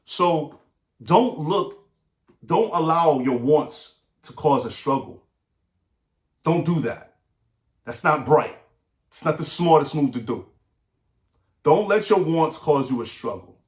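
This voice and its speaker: A middle-aged man speaks earnestly, giving a motivational talk and repeating his points. His voice sits a bit high. The room around him is echoey. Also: expressive, slow pace, long pauses. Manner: earnest, repetitive, asks the listener "right?".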